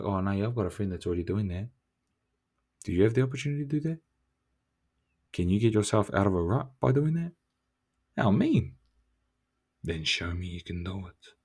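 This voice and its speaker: A young man delivers a casual motivational monologue as a podcast host. He talks in a blunt, swearing, in-your-face way and pushes the listener hard. His voice sits on the low side. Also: dark tone, breathy edge. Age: young adult. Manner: blunt, profane, confrontational pep talk.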